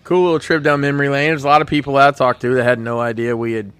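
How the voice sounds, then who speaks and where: A man's voice: medium pitch, flat delivery, racing, fairly bright tone, clean tone, no room sound. A man hosting a podcast, chatting casually and telling stories with lots of restarts. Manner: rambling, storytelling with restarts. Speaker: podcast host. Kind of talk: casual chat.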